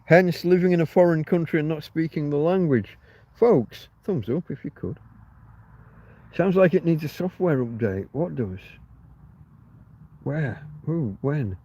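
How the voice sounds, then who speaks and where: A man's voice: a little high, lively intonation, unhurried, pauses often, dark tone. A man hosting a casual livestream, rambling and swearing freely as he answers chat comments. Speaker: livestream host.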